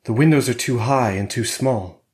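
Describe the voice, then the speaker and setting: A man's voice: mid-range voice, normal speed, pitched above the performer's own voice, lightly acted. A man reading an audiobook voices the women characters in a raised, urgent tone. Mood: tense. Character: women characters, Price and Sierra, tense.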